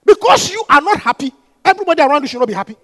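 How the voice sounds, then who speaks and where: Male pastor with a very high, bright voice; repetitive, impassioned preaching that swells into shouting. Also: sing-song, rapid-fire. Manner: repetitive, call-and-response preaching. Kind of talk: sermon.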